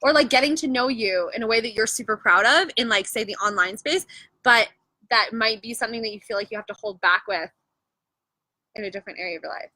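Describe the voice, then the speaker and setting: A woman's voice: fairly high pitch, bright, forceful tone, no echo. A Canadian woman hosting a casual chat, joking around and laughing often. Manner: giggly, joking, quick to laugh. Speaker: livestream host.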